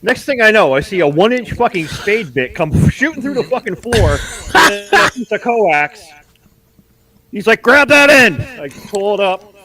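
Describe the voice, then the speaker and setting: A man's voice: high-pitched, big pitch swings, measured pace, a bit bright. A middle-aged man, a podcast co-host, telling a story in a profane, casual way and acting out what others said. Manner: profane anecdotes, acting out quotes.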